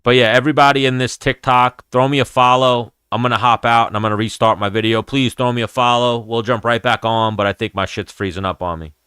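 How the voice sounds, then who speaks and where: A man's voice: medium pitch, steady tone, brisk, few pauses, bright, forceful tone, clean tone, no room sound, studio quality. A man hosting a casual fight-talk livestream, rambling and swearing freely as he chats with viewers. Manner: rambling, profane, chatty. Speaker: host of an MMA livestream.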